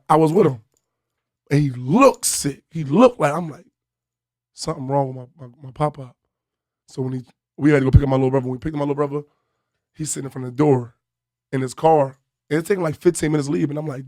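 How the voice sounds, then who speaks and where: A man from Philadelphia, a comedian guest telling a story on a podcast in a lively way and acting out the voices of the people in it. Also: on the high side, dry recording, studio quality. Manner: animated storyteller who acts out voices, bursts into loud laughter.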